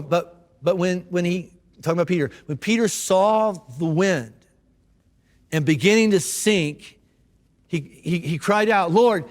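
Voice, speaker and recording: A man preaching a casual sermon, telling the story in a relaxed, chatty way with slang and repeated words. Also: sits high, big-room sound. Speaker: pastor. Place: church auditorium.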